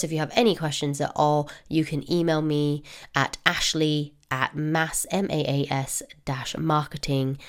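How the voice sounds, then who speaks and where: A woman with a croaky voice from a cold, giving a chatty, upbeat podcast intro with plenty of fillers. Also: low-pitched. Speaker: podcast host.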